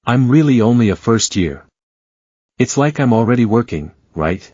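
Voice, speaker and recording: A man's voice: medium pitch, lively intonation, normal speed, a little mellow, breathy edge, no echo, highs cut off. A man voicing an arrogant male third-year resident doctor who scolds and sneers at a junior. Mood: scolding. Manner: scolding, sarcastic.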